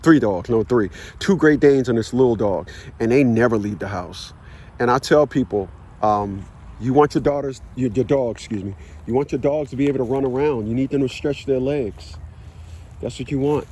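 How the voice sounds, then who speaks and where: A man vlogging outdoors while walking his dogs, lecturing in a casual, repetitive, emphatic way. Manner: rising to high shouting pitch when worked up. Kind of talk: casual preachy monologue.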